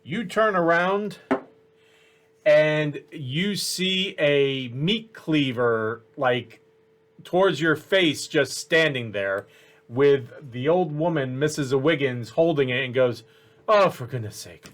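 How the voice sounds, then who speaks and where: A man's voice: a little high, a bit bright. Man narrating as game master. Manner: unhurried, with many fillers and restarts.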